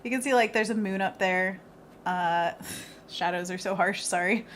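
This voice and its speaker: A woman's voice: medium pitch, moderate pace, a bit bright, slight background noise. A woman illustrator hosting a live painting stream, chatty and bubbly, laughing often as she talks through her work. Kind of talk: casual live painting chat.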